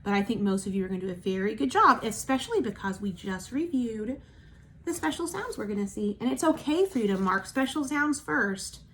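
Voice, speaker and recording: A woman teacher giving a recorded phonics lesson for young children, slowly modelling sounds for them to repeat and praising them patiently. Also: fairly high pitch, lively intonation, a bit bright, a little hiss or hum. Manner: encouraging, patient. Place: at home.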